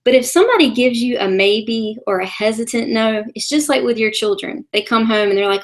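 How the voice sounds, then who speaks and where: A woman's voice: a little high, brisk. A woman leading a sales training call, talking in a conversational way with frequent ums and encouraging her listeners. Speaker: sales team leader.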